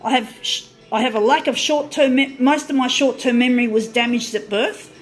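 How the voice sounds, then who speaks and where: A woman's voice: fairly high pitch, fairly quick, faint music behind. A woman ranting and swearing angrily while she films a product demo on her phone, half-laughing at times. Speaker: vlogger.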